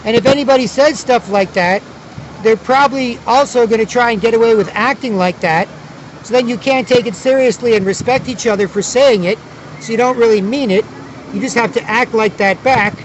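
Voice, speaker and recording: A man's voice: sits high, dull audio, a little hiss or hum. A man vlogging outdoors at a city square, talking in a rambling, repetitive way with many restarts. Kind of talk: casual outdoor monologue.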